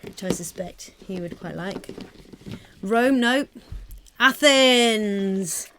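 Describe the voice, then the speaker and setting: A woman's voice: medium pitch, animated, slow pace, slight background noise. An English woman co-hosting a comic chat show, reading quiz clues aloud and laughing easily. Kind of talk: playful live show banter.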